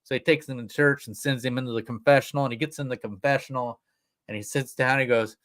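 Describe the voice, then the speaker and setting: A man's voice: mid-range voice, fairly even intonation, quick pace, pushed and bright. A man co-hosting a family livestream, telling a long joke in a folksy, rambling way. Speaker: livestream co-host. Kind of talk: casual family chat, telling jokes.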